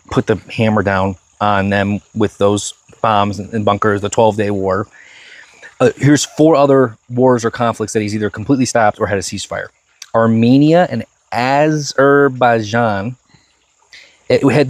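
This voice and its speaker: A man's voice: fairly low pitch, no room sound. Man chatting eagerly on a podcast. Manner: excited, lists points with restarts. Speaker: podcast co-host. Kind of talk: casual current-events chat.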